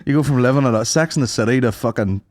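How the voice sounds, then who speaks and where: A young Northern Irish man co-hosting a podcast, telling animated, sweary stories in casual chat. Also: medium pitch, racing, no room sound. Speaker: podcast co-host.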